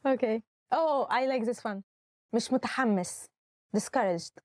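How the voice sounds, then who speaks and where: A woman's voice: on the high side, moderate pace, no room sound, studio quality. A woman hosting a vocabulary lesson in an upbeat, instructive way. She says each word, repeats it, and gives its translation, switching between Arabic and English. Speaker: language teacher and host.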